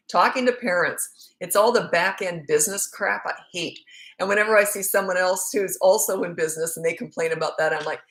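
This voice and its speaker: A middle-aged woman with a slightly low voice, talking to parents in a loose, chatty Q&A. She is frank and animated and laughs easily. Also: reverberant. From Canada. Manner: lively, candid, laughs often. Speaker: parenting coach. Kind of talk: casual livestream Q&A.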